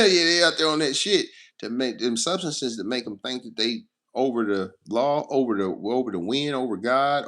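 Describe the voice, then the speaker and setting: A man's voice: medium pitch, a bit bright. A man who drives trucks for a living, talking casually to his viewers with blunt, heavily profane storytelling. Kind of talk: casual straight-to-camera talk.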